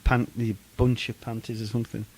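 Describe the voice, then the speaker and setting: A man's voice: mid-range voice, level tone, a little fast, darkish tone. A man with an English accent co-hosting a casual podcast, explaining things with restarts and dry jabs. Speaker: podcast co-host. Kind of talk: casual banter.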